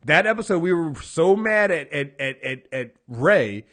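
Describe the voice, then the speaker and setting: A man's voice: on the high side, animated, measured pace, fairly bright tone. A man co-hosting a casual TV recap podcast, swearing freely and acting out characters' lines as he talks. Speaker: podcast co-host.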